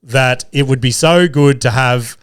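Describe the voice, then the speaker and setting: A man's voice: mid-range voice, a little slow, clean tone, no room sound, studio quality. An Australian man hosting a podcast, chatting loosely and swearing as he picks bets, under the weather with a cough. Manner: rambling, swears often, many restarts and fillers. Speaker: podcast host. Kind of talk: casual sports betting chat. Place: small studio. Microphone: studio mic.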